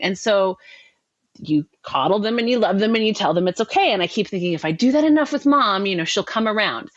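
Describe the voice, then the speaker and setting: A middle-aged woman telling a painful personal story with emotion, pausing and restarting often. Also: on the high side, no echo, dull audio. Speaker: guest sharing her story. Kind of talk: personal testimony.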